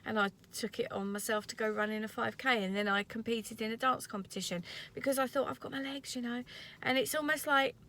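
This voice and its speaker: A woman's voice: fairly high pitch, steady tone, fairly quick, bright, forceful tone. Earnest woman vlogging from a car. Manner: earnest, rambling, tearful at times. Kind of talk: emotional motivational vlog. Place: parked car.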